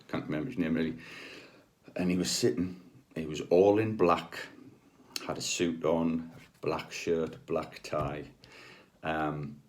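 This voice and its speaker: A middle-aged man, a healer telling personal stories in a chatty, rambling way with many ums and asides. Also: rumbling low. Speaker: spiritual healer. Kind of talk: casual anecdotal storytelling.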